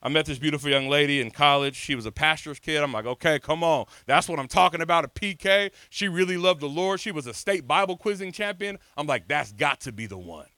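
A man in his thirties preaching an energetic sermon, telling his own story, calling on the crowd and swinging from soft to shouted lines. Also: a little high, fairly quick, hardly any pauses, no room sound. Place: church hall before a congregation.

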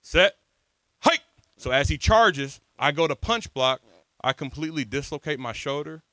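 A man in his thirties preaching an energetic sermon, telling his own story, calling on the crowd and swinging from soft to shouted lines. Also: on the high side, moderate pace, dry recording. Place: church hall before a congregation.

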